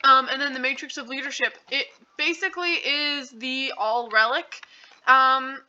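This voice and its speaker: High, bright-voiced woman rambling. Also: normal speed. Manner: rambling, heavy on fillers and "like". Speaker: channel host. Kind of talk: casual movie recap. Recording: dull lo-fi recording.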